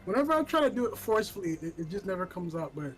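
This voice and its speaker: A man chatting casually on a stream, relaxed and a little halting. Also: sits high, faint music behind, poor audio. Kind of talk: casual chat.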